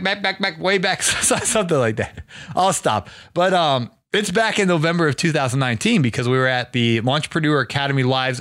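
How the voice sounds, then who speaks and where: A man's voice: mid-range voice, no echo, studio quality. A man hosting a podcast, telling a long story in a loose, rambling way and acting out quoted lines. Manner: rambling storyteller, animated quoting. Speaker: podcast host. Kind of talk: casual podcast chat.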